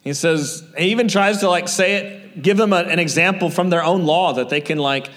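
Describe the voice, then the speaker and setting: A man's voice: high-pitched, moderate pace, fairly bright tone, big-room sound. A man preaching a sermon in an earnest, conversational way, full of fillers and personal stories.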